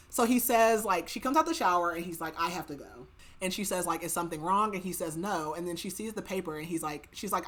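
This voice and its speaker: A woman with a lowish, fairly bright voice hosts a podcast, giving a casual recap of a novel's plot. She chats her way through it, quoting the characters' lines and filling her speech with "like."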